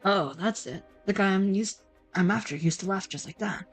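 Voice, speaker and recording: A woman voicing a stern, driven male police detective in a video game, speaking curtly and gruffly. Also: mid-range voice, moderate pace, soft background music, lightly acted. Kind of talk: reading a video game aloud.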